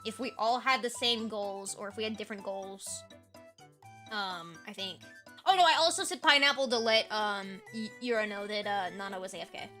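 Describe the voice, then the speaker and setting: Chatty, bright-voiced young woman streamer. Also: medium pitch, normal speed, soft background music. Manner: chatty, laughs often, rambling with fillers. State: hoarse, tired. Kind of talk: casual chat recapping a role-play game.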